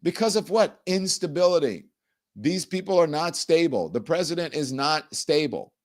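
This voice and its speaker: A man's voice: on the high side, normal speed. Sarcastic male live-stream host. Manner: animated, sarcastic, mimics people he talks about.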